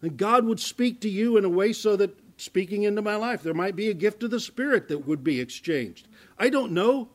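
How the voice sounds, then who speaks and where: A male pastor delivers sermon-style Bible teaching with a voice that sits a little higher than most men's. He talks conversationally and restarts his words often. He swings from loud emphasis to hushed, quiet asides. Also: lively intonation, normal speed.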